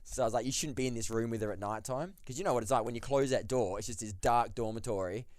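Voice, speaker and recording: A man's voice: mid-range voice, quick pace, a little mellow, no room sound. Rambling guy, dry close mic. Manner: rambling, filler-heavy, laughs through the story. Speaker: podcast guest. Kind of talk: casual storytelling chat.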